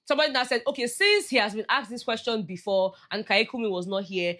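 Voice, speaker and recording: A woman's voice: fairly high pitch, quick pace, a bit bright. A woman with a Nigerian accent chatting through a reality show recap, slipping into Pidgin phrases as she goes. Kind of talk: casual commentary.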